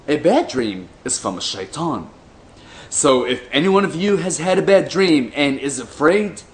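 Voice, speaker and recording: A man reading religious texts aloud in a slow, deliberate way, breaking off for mocking, dry asides. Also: on the high side. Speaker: commentator reading hadith aloud.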